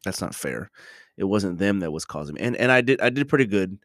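Deep-voiced man musing haltingly. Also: animated, a bit bright, dry recording, clean studio sound. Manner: halting, many restarts and ums, reflective. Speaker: podcast host. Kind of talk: casual reflective monologue.

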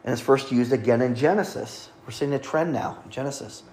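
This preacher's voice is medium in pitch and darkish in tone, and he talks fairly quickly. In his sermon he reads scripture aloud, explains it along with the names of God, and tosses light asides to the congregation.

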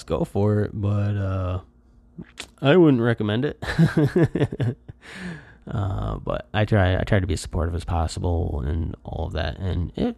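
A man's voice: deep voice, measured pace, gravelly, long pauses, no room sound. A middle-aged man from Michigan hosting a podcast, rambling in casual chat with lots of fillers and restarts and bursts of energy when he acts out quotes. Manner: lively when acting out quotes. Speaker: podcast host.

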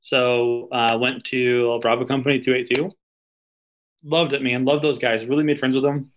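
A man's voice: mid-range voice, flat delivery, normal speed, a little hiss or hum, rough recording. A man, an army veteran, telling stories in a loose, casual interview, swearing freely and full of fillers and asides.

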